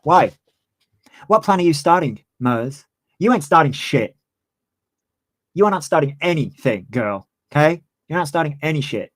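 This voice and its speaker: A man's voice: a little high, lively intonation, moderate pace, pauses often, no room sound. A man in his twenties, ranting heatedly on a livestream and swearing freely. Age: 20s. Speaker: streamer. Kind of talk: livestream commentary.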